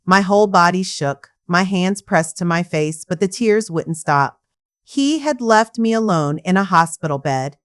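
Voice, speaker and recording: Brief: woman storyteller, emotional scripted narration, lowish pitch. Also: lively intonation, unhurried, clear, resonant tone. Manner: emotional, dramatic reading.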